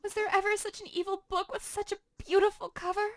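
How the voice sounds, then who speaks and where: A woman's voice: extremely high pitch, level tone, fast talker, dry recording, voice pushed up. A woman reading as a passionate, distraught young teenage girl in a dramatic reading for a class. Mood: shocked. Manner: emotional dramatic reading in modern paraphrase.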